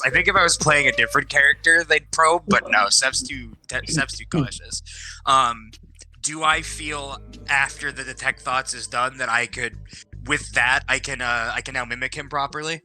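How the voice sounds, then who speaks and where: A man's voice: mid-range voice, lively intonation, normal speed, bright, forceful tone, faint music behind, poor audio. A young man playing a tabletop game, thinking aloud and hedging his choices. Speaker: player. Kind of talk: casual tabletop play.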